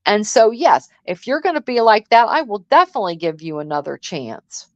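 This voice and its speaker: A woman's voice: mid-range voice, sing-song, brisk, no room sound, dull audio. A woman in her sixties co-hosting a live commentary stream, blunt, sassy and profane, acting out what people said. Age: 60s. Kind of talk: casual commentary chat.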